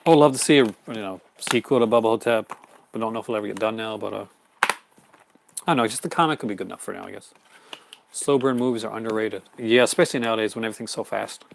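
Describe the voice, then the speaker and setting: A man's voice: fairly low pitch, quick pace, creaky, slight background noise. A man hosting a casual live stream, rambling enthusiastically about his horror film collection, with many fillers and restarts. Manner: answers viewer chat comments.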